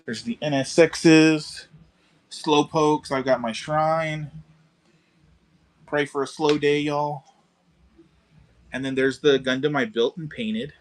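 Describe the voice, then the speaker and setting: A man's voice: fairly high pitch, fairly even intonation, slow, pauses often. Man, live-stream model kit seller, laid-back, chatty, casual swearing, garage shop.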